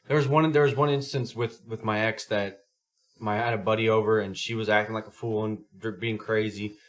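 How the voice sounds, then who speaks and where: A man's voice: lowish voice, fairly quick. A man co-hosting a podcast, telling stories in casual chat, swearing a lot and acting out what people said. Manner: animated storytelling, heavy swearing, acts out quotes. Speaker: podcast co-host.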